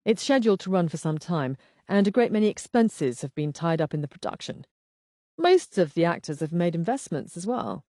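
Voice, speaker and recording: A woman reading the lines of a suave, teasing husband in an audiobook, in a dry, unhurried manner. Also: lowish voice, sing-song, warm tone, dry recording. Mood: matter-of-fact. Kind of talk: audiobook dialogue.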